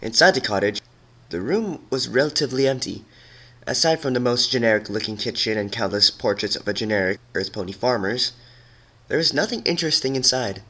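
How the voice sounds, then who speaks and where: A man reading a storybook aloud as a hobby narrator, expressive and slowing down low for the eerie passages. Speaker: hobby dramatic reader.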